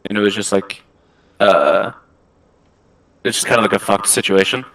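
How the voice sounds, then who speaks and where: Low, dry-voiced man rambling casually. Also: moderate pace, fairly bright tone, no echo, poor audio. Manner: rambling, full of "like" and "I don't know". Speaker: guest. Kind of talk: casual chat on a live podcast.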